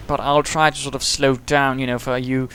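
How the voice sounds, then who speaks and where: A man giving quick, chatty play-by-play commentary on a strategy game, with dry humour and British turns of phrase. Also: medium pitch, level tone, fairly bright tone, slight background noise.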